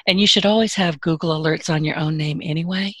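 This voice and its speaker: A woman talks as a podcast guest, her voice husky and a little breathy. She is emphatic and frank and drops in jokes while handing out advice. The sound is dry and close, with no room around it. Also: sits low, steady tone, quick pace, no room sound. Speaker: podcast guest, business owner. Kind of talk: casual interview advice.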